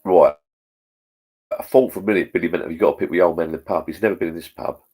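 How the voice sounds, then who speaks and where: Racing through his words, a middle-aged live-streamer speaks in a deep, dark voice with a breathy edge. His chat is blunt, sweary and rambling, like pub talk, and he reads out comments from viewers.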